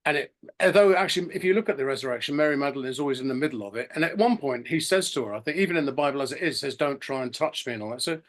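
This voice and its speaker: A middle-aged man, a guest on a casual interview podcast, tells long stories in an expressive, medium-pitched voice. He talks at a racing clip with few pauses, rambling, often restarting sentences and acting out what other people said.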